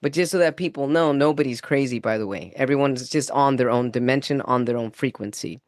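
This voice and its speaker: A man guesting on a podcast, telling an earnest personal story in a casual, animated way, acting out his own inner dialogue and laughing easily. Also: mid-range voice, brisk, no echo, studio quality. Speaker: guest spiritual channeler.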